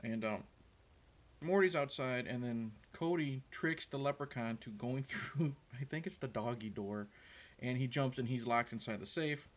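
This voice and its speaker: A man's voice: medium pitch, normal speed. A man hosting a show, casually recapping a movie scene in a rambling, hesitant way with many fillers and restarts. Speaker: host. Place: room with a window.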